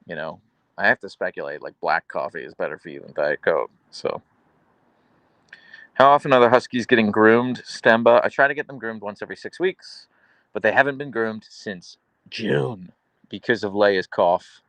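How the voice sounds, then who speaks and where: A man's voice: lowish voice, moderate pace, a bit bright, dry recording. A man hosting a casual live stream, chatting easily as he answers viewers' questions. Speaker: livestream host reading chat.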